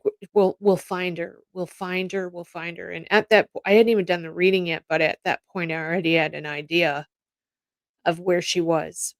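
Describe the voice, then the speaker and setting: A Canadian woman hosts a casual commentary from home, reacting to news clips and telling rambling, heartfelt stories that bring her close to tears. Her voice is fairly low-pitched, with no echo.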